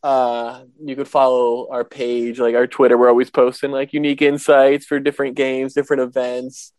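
A young man with a New Jersey accent, a guest on a casual podcast, talking in a quick, chatty way. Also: medium pitch, level tone, darkish tone, dry recording. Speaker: podcast guest, company founder. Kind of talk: casual chat.

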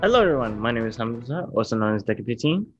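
A man's voice: mid-range voice, animated, fast talker, highs cut off, over music. A young man co-hosting a podcast, playful and teasing, chatting casually and laughing easily. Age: young adult. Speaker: podcast co-host. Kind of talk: casual chat.

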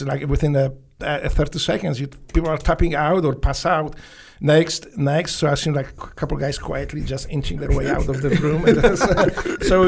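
Gravelly Polish-accented man telling war stories. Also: fairly high pitch. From Poland. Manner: animated anecdotes with broken English and frequent laughter. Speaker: podcast guest, former Navy SEAL. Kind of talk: casual storytelling conversation.

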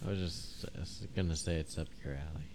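A man's voice: extremely low pitch, quick pace, a little mellow, a little hiss or hum. A man co-hosting a comedy podcast, chiming in with teasing quips. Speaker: podcast co-host. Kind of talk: casual comedic chat.

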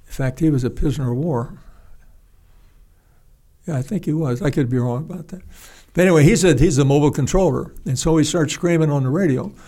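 An older man recounting an old flying incident in loose, conversational storytelling. His pitch sits a bit higher than most men's, and he circles back on his words and restarts his sentences often. He also lets rough language slip. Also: warm tone. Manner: halting, rambling, frequent restarts and salty language. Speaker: retired pilot telling a war story. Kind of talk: casual spoken storytelling.

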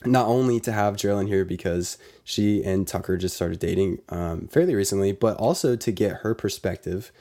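A man's voice: deep voice, normal speed, hardly any pauses, warm tone. A young man co-hosting a casual podcast, joking and playful, a bit sick and coughing. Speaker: podcast co-host.

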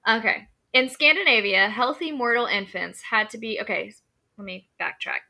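A woman's voice: on the high side, expressive, moderate pace, creaky, pushed and bright. A woman co-hosting a podcast, chatting casually and reading folklore aloud, profane and prone to asides and laughter. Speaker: podcast co-host.

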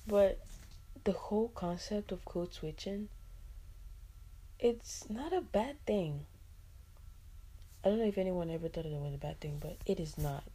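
Chatty Nigerian woman with a low, mellow voice. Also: slightly rough. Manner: chatty and expressive, with frequent "like" fillers and asides. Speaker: podcast host. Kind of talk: casual solo podcast talk.

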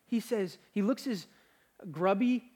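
Energetic young man preaching a sermon. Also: high voice, measured pace. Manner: energetic, conversational, with restarts and laughs. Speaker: pastor.

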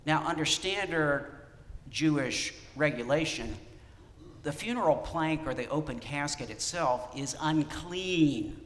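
Animated male pastor preaching in a hall. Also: a little high, measured pace. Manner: animated, asks the congregation questions. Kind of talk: sermon.

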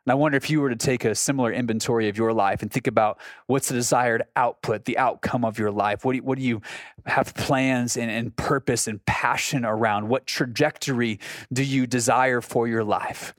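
A man's voice: medium pitch, fairly even intonation, a little fast, no echo, studio quality. Earnest man hosting a faith podcast. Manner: earnest and conversational, with frequent restarts. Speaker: podcast host. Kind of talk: reflective devotional talk.

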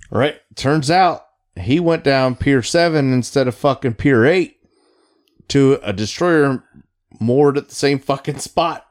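A man's voice: medium pitch, a little slow. A man who served as a Navy petty officer, telling a profane story in casual chat with friends. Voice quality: swears constantly, animated storytelling.

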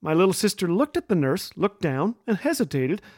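An older man hosting a radio show, delivering a humorous monologue as playful storytelling with quick punchlines. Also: high voice, very animated, dry recording, studio quality.

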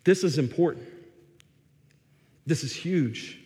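A man's voice: on the high side, takes it slowly, dark tone. A man preaching a sermon, emphatic, repeating words for stress, with restarts and fillers. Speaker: pastor. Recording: echoey hall reverb.

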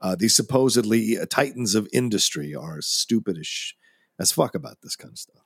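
A man's voice: fairly low pitch, expressive, a little fast, vocal fry, breathy edge, no echo, clean studio sound. A man co-hosting a film podcast, chatting casually in an easygoing, enthusiastic way. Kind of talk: casual chat.

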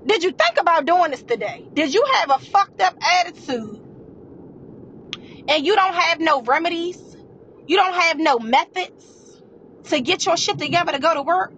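A woman's voice: extremely high pitch, sharp tone, muffled recording, a little hiss or hum. A woman delivering a scolding monologue rant, peppered with profanity and repeated questions.

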